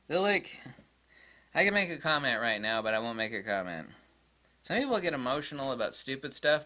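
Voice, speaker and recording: A man ranting to camera in a blunt, exasperated way as a tech vlogger. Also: pushed and bright. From United States. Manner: mocks critics in high squeaky voices. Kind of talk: casual rant to camera.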